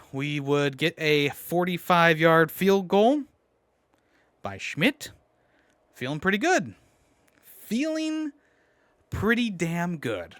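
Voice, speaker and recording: Excitable fan ranting with a dry, close sound. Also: male voice, fairly high pitch, dry recording. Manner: animated, swearing, frustrated fan rants. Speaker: fan recapping a football game. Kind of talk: casual game recap.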